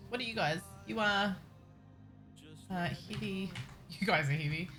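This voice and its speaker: Streaming a game, a young New Zealand woman with a somewhat Americanized Kiwi accent chats and giggles casually with her viewers. Her mid-range voice is unhurried and a bit bright, with faint music behind it and rough recording quality.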